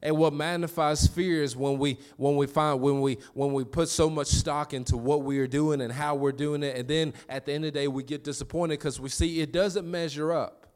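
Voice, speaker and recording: A man preaching a sermon in a conversational way, with quick restarts and call-and-response to the congregation. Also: on the high side, steady tone, clean tone. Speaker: pastor.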